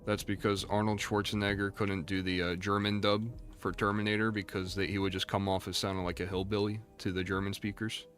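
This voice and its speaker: Chatty low-voiced male game streamer. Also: level tone, fairly quick, hardly any pauses, fairly bright tone, faint music behind. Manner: rambling, chatty, reads and answers chat. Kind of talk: casual livestream chat.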